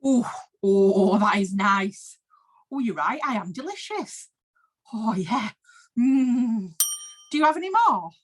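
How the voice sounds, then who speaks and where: Dead cow ghost, put on by a woman, wide-swinging squeals, wounded and gullible, insecure and easily flattered, slightly higher than usual. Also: slow, long pauses, breathy edge, exaggerated voice. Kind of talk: improvised comedy scene.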